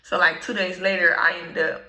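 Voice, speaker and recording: A woman telling a personal story in slangy, laid-back storytime talk, often clearing her throat. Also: fairly low pitch, level tone, normal speed, pushed and bright, reverberant, poor audio. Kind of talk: casual storytime.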